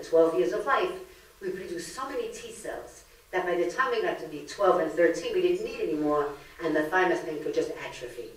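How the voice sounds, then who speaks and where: An older woman from Brooklyn, giving a comedic lecture full of jokes and stories. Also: low voice. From Brooklyn, New York. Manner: joke-telling, lively storyteller. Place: library meeting room. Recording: echoey room, distant mic.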